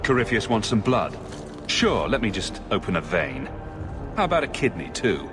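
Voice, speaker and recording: A dry, sarcastic hero in a video game. His voice sits on the low side but moves around a lot. Game music plays under him. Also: big pitch swings, normal speed. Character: sarcastic male warrior hero.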